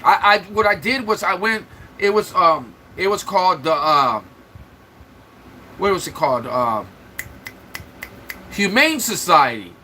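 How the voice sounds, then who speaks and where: A man's voice: high-pitched, animated, a little slow, long pauses, bright, forceful tone, a little hiss or hum, poor audio. A man hosting a livestream, trash-talking and mocking commenters in loose, joking banter. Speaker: livestream host. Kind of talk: mocking live-chat banter.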